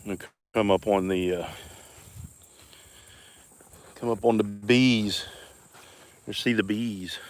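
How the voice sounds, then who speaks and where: Low-voiced guy live on his phone walking round the homestead, easygoing chatter, crickets buzzing in the background. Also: takes it slowly, pauses often. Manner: relaxed, chatty, greets viewers by name. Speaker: homestead vlogger. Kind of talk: casual live-stream walkaround. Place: outdoors on a rural homestead.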